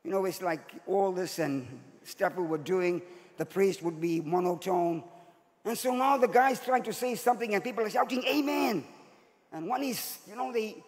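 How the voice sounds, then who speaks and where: Bishop in his 60s telling his story in a sermon, pretty high voice for a guy, big hall echo. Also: normal speed. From Zimbabwe. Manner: storytelling, acting out quoted voices with sudden rises. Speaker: bishop, guest preacher. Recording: long hall reverb.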